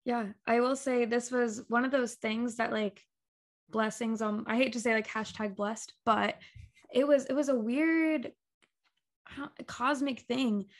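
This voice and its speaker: A young woman in a relaxed interview, speaking in a fairly high voice. She tells her story with lively back-and-forth, putting on the voices of the people she quotes. Her talk is loose and bubbly, full of fillers and laughter. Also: measured pace. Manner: animated storyteller, acts out quoted dialogue, laughs often. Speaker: guest, talk show creator. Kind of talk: casual interview chat.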